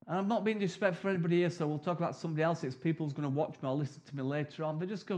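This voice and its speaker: A middle-aged man, preaching a sermon. His voice sits high for a man, and he talks in a loose, joking, conversational way, acting out little scenes of prayer as he goes. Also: very fast, few pauses.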